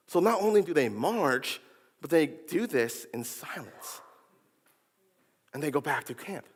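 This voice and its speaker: A man's voice: sits high, animated, unhurried, fairly bright tone, in a large hall. A man preaching a sermon in a playful way, acting out the voices of his listeners and of biblical figures. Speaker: pastor. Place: church sanctuary.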